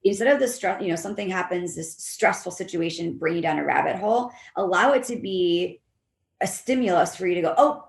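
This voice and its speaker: A woman behavior analyst, a guest in an interview, explaining her methods in a lively way and acting out the voices of the people she quotes. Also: fairly low pitch, fairly quick, gravelly, echoey room. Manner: animated, acts out quoted voices. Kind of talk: conversational interview.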